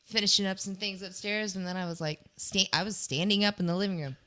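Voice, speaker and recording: Bright-voiced woman guest, chatty. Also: mid-range voice, steady tone, quick pace. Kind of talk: casual chat.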